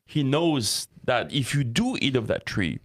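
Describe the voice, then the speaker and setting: A man's voice: mid-range voice, big pitch swings, measured pace. A man voicing a sly male serpent tempter who raises doubt with mocking, insinuating questions.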